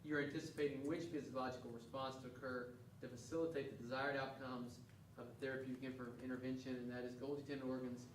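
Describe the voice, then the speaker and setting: Going over test questions with his class, a male instructor speaks quickly in a flat, medium-pitched voice. He is earnest and often restarts, and the echoey classroom recording, with the mic far off, carries slight background noise.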